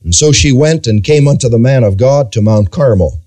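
Retelling scripture in antiquated biblical wording, a man preaches in a mellow voice at a moderate pace. The sermon is dramatic and emphatic, marked by broad pitch swings.

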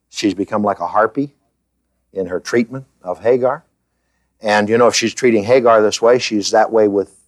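A man's voice: on the low side, dry recording. Guy teaching a bible lesson, talks casual and asks folks questions, lots of uhs, dead dry mic. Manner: asks the listeners questions, with frequent fillers.

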